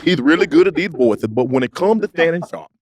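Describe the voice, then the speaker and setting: A man with a Virginia accent, a guest comedian chatting casually, animated and playful. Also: fairly high pitch, fairly quick, crowd noise. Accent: Virginia (Hampton Roads). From Virginia, USA. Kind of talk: casual chat.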